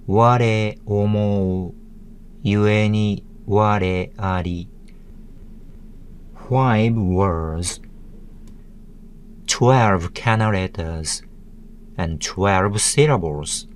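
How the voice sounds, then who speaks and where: A man giving a scripted tutorial narration, deliberately sounding out words one syllable at a time. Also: lowish voice, a little hiss or hum.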